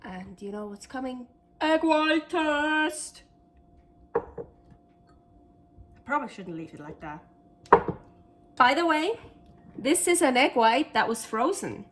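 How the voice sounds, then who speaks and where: A woman's voice: a little high, expressive, unhurried, long pauses. A woman hosting a casual cooking vlog, chatty and enthusiastic as she thinks aloud. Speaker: cooking channel host.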